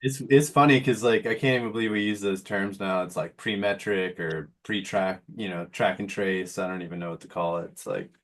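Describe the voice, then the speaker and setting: Laid-back low-voiced man. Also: fairly even intonation, a little fast, few pauses, fairly bright tone. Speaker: guest. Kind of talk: casual chat.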